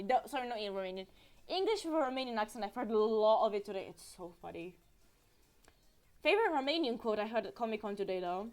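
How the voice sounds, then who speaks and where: A woman giving a casual live-stream recap, animated and giggly, with frequent fillers. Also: mid-range voice.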